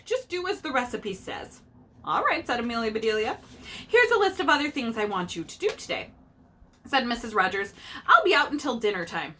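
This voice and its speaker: A woman reads a picture book aloud to her child, stopping to explain idioms and voicing the characters. Her voice is a little high, very animated and sharp in tone.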